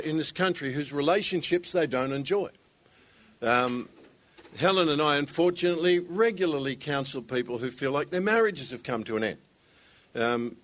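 A man with a slightly raised pitch gives a church talk in a relaxed, folksy storytelling manner. He speaks conversationally and sometimes restarts his sentences. He builds to a practical point about relationships. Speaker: guest speaker. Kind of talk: sermon with joke.

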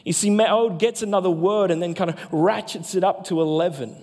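A man, a pastor, preaching a sermon with emphatic delivery that slows down for key phrases. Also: high voice, darkish tone. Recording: long hall reverb.

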